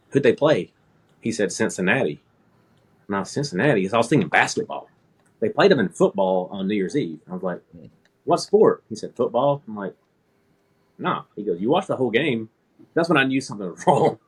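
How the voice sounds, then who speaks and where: Man, 30s, low husky voice, casual anecdote, self-deprecating. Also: fast. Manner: relaxed anecdotal storytelling, laughing at himself. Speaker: air traffic controller, guest. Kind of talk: casual storytelling.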